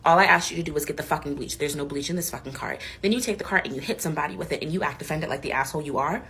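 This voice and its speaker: A woman voicing a furious middle-aged wife who scolds her husband in a low, cutting tone. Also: very fast, a bit bright, slightly rough, heavily acted. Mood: seething.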